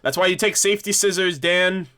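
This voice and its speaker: Male livestream host, casual rambling commentary, fairly high voice, lots of restarts and swearing. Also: fairly quick, pushed and bright, clear, resonant tone.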